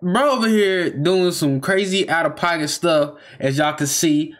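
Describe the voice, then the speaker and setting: A man's voice: a little high, unhurried, fairly bright tone. A man hosting a reaction video, talking casually in slang and often repeating himself as he stops to comment.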